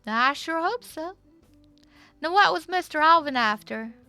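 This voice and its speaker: Woman playing a bright, polite Southern belle. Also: high-pitched, expressive, no echo, faint music behind, voice pushed up, full character voice. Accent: put-on Southern US. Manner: polite, folksy, drawn-out. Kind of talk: wild west role-play.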